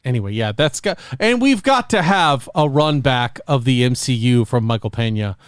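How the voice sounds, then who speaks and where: A man's voice: medium pitch, lively intonation, normal speed, clear, resonant tone, no room sound, clean studio sound. A man hosting a podcast in casual chat, rambling and jokey, often acting out quotes in silly voices. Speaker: podcast host.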